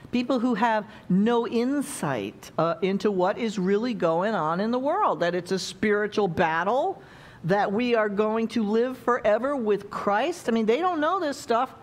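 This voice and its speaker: A woman's voice: fairly high pitch, expressive, a little slow. A woman preaching a sermon in a conversational way, often checking in with the congregation by asking questions.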